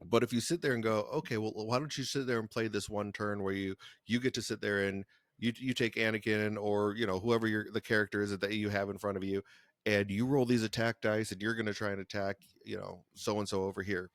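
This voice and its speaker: Guy cohosting a podcast, lowish voice, rambly, dry close sound. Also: steady tone, a little fast, no echo. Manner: rambling, many restarts and fillers. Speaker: podcast co-host. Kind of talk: casual chat.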